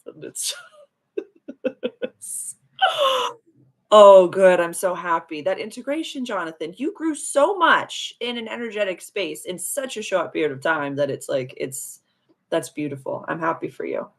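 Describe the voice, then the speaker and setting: A woman's voice: lowish voice, measured pace. Bubbly woman hosting a livestream. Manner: bubbly, effusive, chatty with many fillers. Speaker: astrology livestream host. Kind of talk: casual live chat with viewers.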